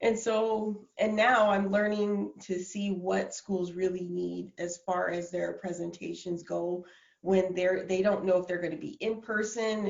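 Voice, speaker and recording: Woman guest, motivational speaker, animated and laughing, echoey lo-fi call audio. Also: medium pitch, gravelly. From Minnesota, USA. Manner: animated, laughs often, many restarts. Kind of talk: casual video-call interview. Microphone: video call. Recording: roomy, dull lo-fi sound.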